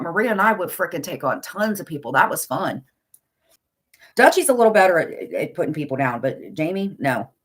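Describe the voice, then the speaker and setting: A middle-aged woman with a blunt, insulting, exasperated manner, ranting in casual chat on a livestream. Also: on the low side. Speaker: livestream commentator.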